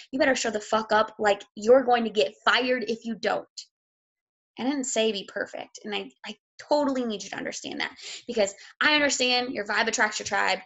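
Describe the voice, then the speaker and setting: Blunt, gravelly woman coach, sick and tearful. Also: on the high side, fairly bright tone. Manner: blunt, swears freely, emotional. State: sick, near tears. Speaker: fitness coach. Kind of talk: motivational talk.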